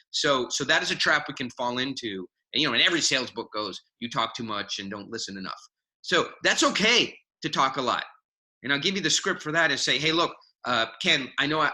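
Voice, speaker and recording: A man talking as a guest mentor on a video call, animated and self-mocking, acting out quoted voices. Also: medium pitch, low-quality recording. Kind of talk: casual video call chat.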